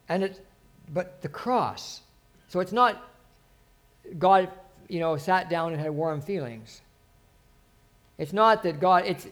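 A male preacher delivering a sermon in a halting way, restarting phrases and repeating words for emphasis. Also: sits high.

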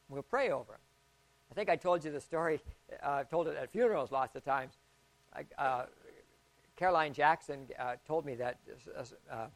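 A man, a pastor preaching a sermon in a folksy storytelling way, acting out the voices he quotes and swinging from hushed to loud. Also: on the high side, moderate pace, no room sound.

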